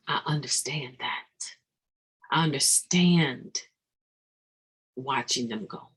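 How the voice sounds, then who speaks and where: Slow husky gravelly voice, recovery talk, earnest and halting, keeps restarting then pushes hard on a point. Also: medium pitch, a bit bright, rough recording. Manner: halting, earnest, restarts mid-thought, emphatic bursts. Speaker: recovery meeting speaker. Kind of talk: reflective daily meditation talk.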